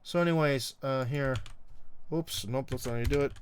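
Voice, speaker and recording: A man's voice: medium pitch, moderate pace, background noise. A middle-aged man hosting a live stream, chatting casually and reading viewer comments in a rambling, wry way, full of ums and uhs. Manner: wry, teasing.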